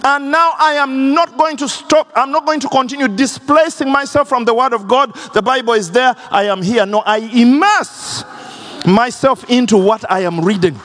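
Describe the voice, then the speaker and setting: A man preaching a sermon as pastor, impassioned and swinging between high and low registers. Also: normal speed, fairly bright tone. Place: large church hall. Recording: long church reverb.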